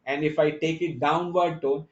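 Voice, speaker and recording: A man giving an online conference lecture, explaining step by step and often pausing on fillers and restarts. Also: on the high side, steady tone. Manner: halting, many fillers and restarts; explanatory, addresses the audience directly. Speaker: conference speaker. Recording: echoey lo-fi online talk audio.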